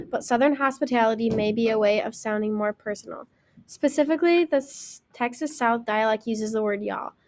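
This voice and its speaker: A young woman student reads her part of a class presentation. Her voice sits a bit high, and she follows her prepared text closely. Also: a little mellow.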